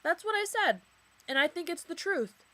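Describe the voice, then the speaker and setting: A woman's voice: very high voice, animated, moderate pace, sharp tone. A young woman talking casually to camera from her bedroom, filling her speech with "like" and swearing when she gets worked up. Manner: chatty, filler-heavy, says "like" constantly, swears when worked up. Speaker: vlogger. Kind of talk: casual confessional storytelling to camera.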